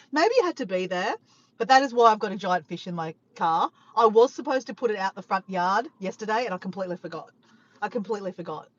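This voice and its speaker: A woman vlogger telling a funny story to her viewers, animated and laughing, swearing freely. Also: mid-range voice, no echo, highs cut off. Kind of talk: casual storytelling to camera.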